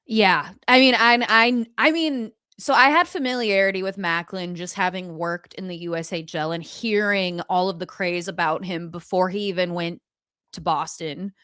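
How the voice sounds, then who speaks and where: A woman's voice: on the low side, moderate pace, pushed and bright, smooth, no echo, clean studio sound. A woman co-hosting a hockey podcast, chatty and gushing, with lots of "like" fillers. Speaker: podcast co-host. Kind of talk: casual hockey chat.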